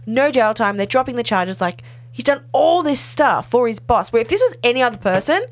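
A woman with a fairly quick, high-leaning voice casually recaps a TV episode on a podcast. She retells it with animation, acting out the characters' lines as she goes.

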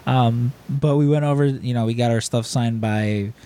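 A man's voice: medium pitch, normal speed. Rambling man telling con stories. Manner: rambling, animated, acts out quotes in raised voices. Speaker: podcast host. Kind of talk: casual storytelling chat.

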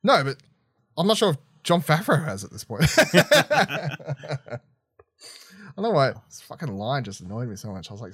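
A man's voice: a little high, big pitch swings, moderate pace, long pauses, fairly bright tone, slightly rough, no room sound. A man chatting through an episode review as a podcast co-host, exasperated and swearing between bursts of laughter. His voice rises and falls a lot as he rants. It sounds dry and close, with no room around it. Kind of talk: casual review chat.

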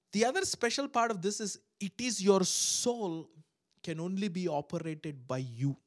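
A man preaching a sermon to a live and online congregation, swinging between loud exhortation and hushed prayer, and acting out voices in his stories. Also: a little high, no room sound, clean studio sound. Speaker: pastor.

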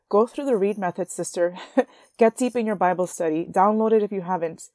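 A young woman hosting a Christian podcast, talking earnestly and warmly to her listeners as sisters, at times emotional. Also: mid-range voice, a little fast, dry recording, clean studio sound. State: emotional, near tears. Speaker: podcast host. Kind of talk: faith podcast encouragement.

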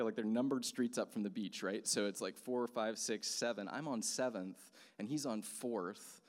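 A man in his thirties telling a personal story as a sermon, speaking casually with many fillers. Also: mid-range voice. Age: 30s. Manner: conversational, animated, many fillers. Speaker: pastor. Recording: long hall reverb.

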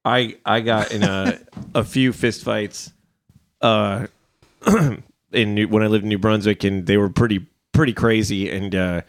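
A man's voice: lowish voice, fairly even intonation, a little slow. A man hosting a casual podcast, telling rambling stories and swearing freely. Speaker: podcast host. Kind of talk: casual chat.

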